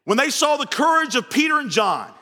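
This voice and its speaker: A man preaching a sermon, telling stories with lots of repetition and shouting some words for emphasis. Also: very high voice, brisk. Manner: animated storytelling, repeats phrases, shouts for emphasis. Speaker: pastor. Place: church sanctuary. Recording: long hall reverb from the sanctuary.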